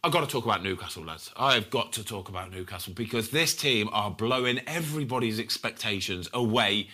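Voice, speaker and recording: Excitable bright-voiced host. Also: male voice, lowish voice, fairly quick. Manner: excitable, chatty, British slang. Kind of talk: casual football chat.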